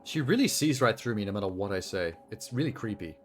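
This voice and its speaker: A man live-streaming a video game, commentating excitably, swearing often and joking about what happens on screen. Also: fairly low pitch, fast talker, slight background noise.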